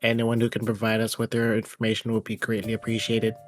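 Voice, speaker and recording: A man voicing a stern network announcer in a flat, robotic monotone for a fan-voiced game. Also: fairly low pitch, fast, over music, natural voice.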